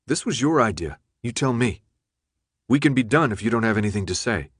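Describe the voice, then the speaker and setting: A man's voice: mid-range voice, expressive, brisk, breathy edge, no echo. Audiobook male narrator doing a guarded young man, curt and accusing, dry read.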